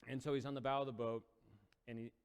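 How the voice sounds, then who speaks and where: Male preacher, casual storytelling sermon, mid-pitched voice, long hall reverb. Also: flat delivery, quick pace, clean tone. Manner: casual storytelling, acts out quotes with rising intensity. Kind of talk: sermon retelling a Bible story.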